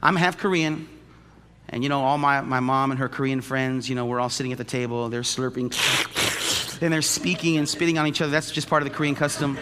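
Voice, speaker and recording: A male pastor preaching a sermon. He swings from loud, high outbursts to hushed, low storytelling. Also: fairly quick, a little hiss or hum. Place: church sanctuary. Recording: long church-hall reverb.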